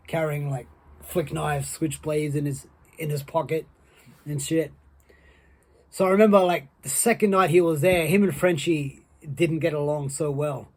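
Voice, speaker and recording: A man, a former wrestler, telling a rambling, profane anecdote that builds excitement. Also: fairly high pitch. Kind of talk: casual anecdote.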